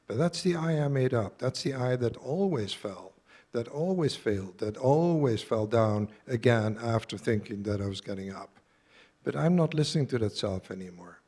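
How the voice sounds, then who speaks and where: A man's voice: mid-range voice, darkish tone. Earnest man in his seventies. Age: 70s. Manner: earnest, direct, quizzes listeners. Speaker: workshop speaker. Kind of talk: live talk to an audience.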